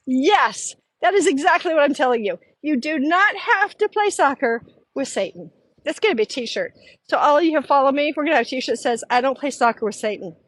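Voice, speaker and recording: A middle-aged woman tells a story in an animated, casual style, stepping into the voices of the people she quotes. Her voice sits high. The sound is dry and close. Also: brisk, dry recording. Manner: animated, acts out quoted voices, laughs often. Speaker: podcast host.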